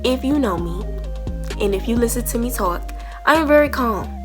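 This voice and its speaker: Animated bright young woman vlogger. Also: fairly high pitch, normal speed, soft background music. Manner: animated, acts out both sides of an argument, curses freely. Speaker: storytime vlogger. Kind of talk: casual storytelling to camera.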